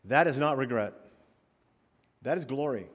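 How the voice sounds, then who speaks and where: A male pastor preaching a sermon, swinging from quiet asides to loud, rising exhortation. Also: mid-range voice, animated, unhurried. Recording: long hall reverb.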